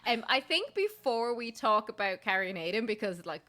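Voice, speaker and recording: A woman hosting a recap podcast, talking in a chatty, enthusiastic way. Her voice is bright and clear, and she often breaks into laughter. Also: fairly high pitch, sing-song, brisk. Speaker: podcast host. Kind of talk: casual chat.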